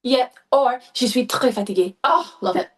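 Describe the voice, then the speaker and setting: A woman's voice: fairly high pitch, expressive, moderate pace. A stage performer, a woman, chatting as a podcast guest, gushing and enthusiastic with many fillers. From Scotland. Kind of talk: casual podcast chat.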